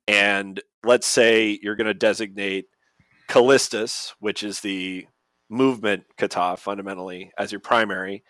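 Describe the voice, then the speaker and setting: A man with a lowish voice walks through game rules in relaxed podcast chat. He is methodical and leans on fillers as he explains. The sound is dry and close to the mic. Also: no room sound. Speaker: podcast co-host.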